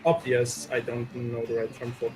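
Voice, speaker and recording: A man's voice: mid-range voice, completely flat delivery, moderate pace, over music, low-quality recording. A man chatting as a player in a tabletop role-playing game, hesitant and self-mocking. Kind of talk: casual tabletop game chat.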